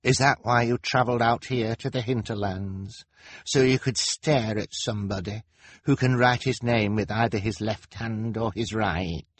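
A man voicing a gloomy, self-pitying young man who talks in a slow, mournful way. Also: lowish voice, steady tone, dry recording, voice pushed up, close to an everyday voice.

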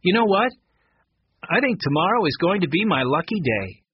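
An eager, upbeat young movie actor, as a storybook narrator puts him on, pitched a bit higher than the reader and breathy. He sounds lively and bright-spirited. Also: moderate pace, no echo, lo-fi sound, full character voice. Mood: cheerful.

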